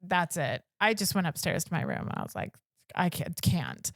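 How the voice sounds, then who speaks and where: A woman's voice: lowish voice, fast, creaky, no room sound. A middle-aged woman co-hosting a podcast, telling a family story in casual chat and acting out what people said. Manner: animated, acts out quotes with voices. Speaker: podcast co-host.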